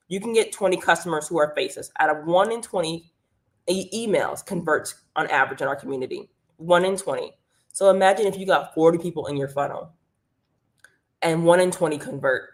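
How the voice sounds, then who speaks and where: A woman hosting a live stream, giving an energetic motivational pep talk about earning extra income and greeting viewers in the chat by name. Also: lowish voice. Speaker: livestream host and business coach. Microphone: streaming mic.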